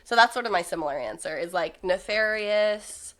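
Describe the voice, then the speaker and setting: A young woman co-hosting a podcast in casual chat, talking fast with lots of fillers and quoting people. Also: medium pitch, lively intonation, a bit bright. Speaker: podcast co-host.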